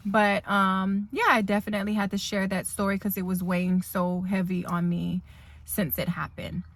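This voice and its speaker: A woman's voice: medium pitch, flat delivery, moderate pace. Woman instructor, earnest and emotional, rambling car vlog, mid-range voice. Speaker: dental assisting instructor. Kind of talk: heartfelt storytelling vlog. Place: parked car.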